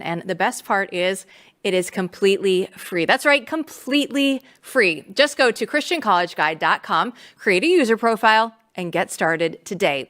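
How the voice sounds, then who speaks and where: A woman hosting a news talk show, bantering with a guest and reading an ad in a brisk, upbeat way. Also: medium pitch, a bit bright. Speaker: host.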